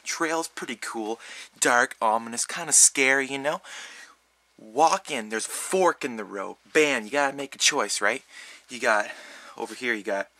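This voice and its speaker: Young male vlogger, very bright voice, rambling comic storyteller who makes his own sound effects. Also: medium pitch, dry recording. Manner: rambling, animated, full of mouth sound effects.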